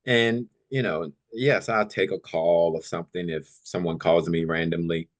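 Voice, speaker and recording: A man, a podcast guest, telling stories in a casual, animated way, often filling in with "you know" and "like", and laughing easily. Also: sits low, normal speed. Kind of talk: casual storytelling chat.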